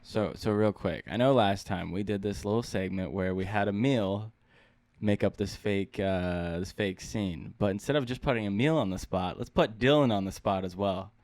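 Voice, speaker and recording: A man's voice: lowish voice, moderate pace, darkish tone. A man hosting a podcast in casual chat, laid-back and slangy, often laughing. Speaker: podcast host.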